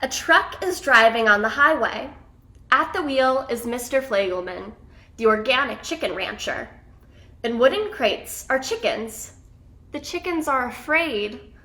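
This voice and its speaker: A woman reads a children's story aloud slowly and expressively, her bright voice sitting a little high. She lets her pitch rise and fall widely to color each phrase. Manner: expressive, animated.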